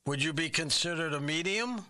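Bright-voiced man hosting a guessing game. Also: a little high, animated, normal speed. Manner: curious, probing questions with puzzled reactions. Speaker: game show host. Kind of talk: comic radio game show hosting.

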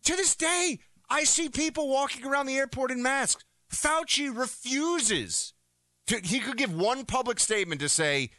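A man's voice: sits high, expressive, normal speed, sharp tone, no room sound. A man co-hosting a talk radio show, delivering heated, emphatic and mocking commentary.

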